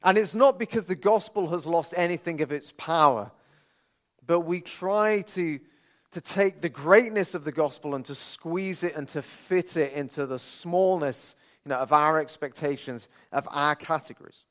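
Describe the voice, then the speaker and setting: Brummie preacher guy, slightly high voice, chatty and earnest, bit of humor, church service. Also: normal speed. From Birmingham, England. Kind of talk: sermon. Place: church service, streamed online.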